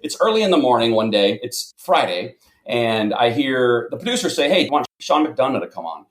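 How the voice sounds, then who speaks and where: A man, a guest on a podcast, telling anecdotes in quick, animated, casual speech, often repeating words as he starts sentences. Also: medium pitch, reverberant. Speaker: podcast guest, radio and esports producer. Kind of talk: casual storytelling.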